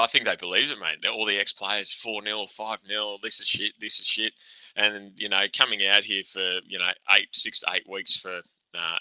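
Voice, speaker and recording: A man's voice: low voice, sharp tone, dry recording, low-quality recording. An Australian man and former player co-hosting a casual sports podcast, blunt and sweary, laughing often. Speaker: podcast co-host, ex-cricketer.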